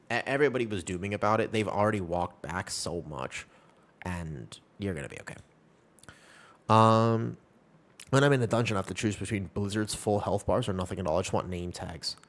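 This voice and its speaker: A young man streaming a game, chatting casually with his viewers in a rambling, upbeat and reassuring way. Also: on the low side. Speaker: live streamer. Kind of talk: casual live-stream chat.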